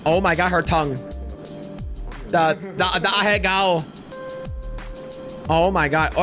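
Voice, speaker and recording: A man hosting a casual livestream, reacting with loud exclamations and low mutters. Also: fairly even intonation, slow pace, pauses often, faint music behind. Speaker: streamer and podcast host.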